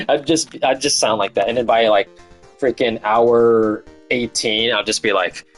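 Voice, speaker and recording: A man's voice: mid-range voice, fairly even intonation, a little slow, soft background music. A man streaming a game with casual chatty commentary, laughing often and humming along, his voice tired after hours of talking. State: voice fatigue.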